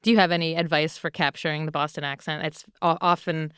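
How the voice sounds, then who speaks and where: A woman's voice: sits low, fairly even intonation, fast talker, fairly bright tone, clean tone, dry recording, clean studio sound. Friendly woman podcast host. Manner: friendly, laughs easily. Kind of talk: interview and scripted outro.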